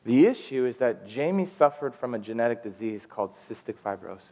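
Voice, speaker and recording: A young man preaching as a guest, telling a personal story with emotion and animated outbursts. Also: medium pitch, fast talker. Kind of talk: storytelling sermon. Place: church sanctuary. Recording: dull lo-fi sound with long hall reverb.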